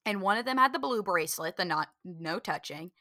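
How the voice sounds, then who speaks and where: A woman's voice: lowish voice, brisk, dry recording, clean studio sound. A woman co-hosting a casual chat podcast, telling stories and acting out voices. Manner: animated storyteller, acts out voices in anecdotes. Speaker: podcast co-host.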